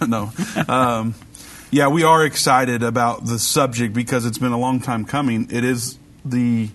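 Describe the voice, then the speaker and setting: Animated American male talk show host. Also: mid-range voice, a little slow. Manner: animated, jokey, hesitant with fillers. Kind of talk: casual radio talk show chat.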